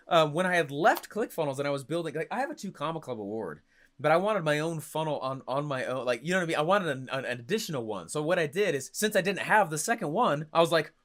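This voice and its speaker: Punchy, energetic man teaching on stage. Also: a little high. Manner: energetic, punchy, often asks "right?" and "okay?". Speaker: marketing coach. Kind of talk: stage-style teaching talk.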